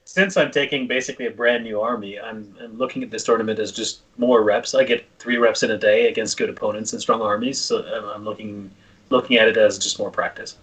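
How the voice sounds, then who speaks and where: A man's voice: lowish voice, fairly even intonation, a little fast, fairly bright tone, low-quality recording. A man co-hosting a podcast, talking enthusiastically in casual chat and often repeating words as he starts. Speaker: podcast co-host.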